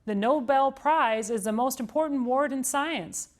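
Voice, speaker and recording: A woman's voice: high voice, normal speed, voice pushed up, lightly acted. A woman doing an eager boy scientist.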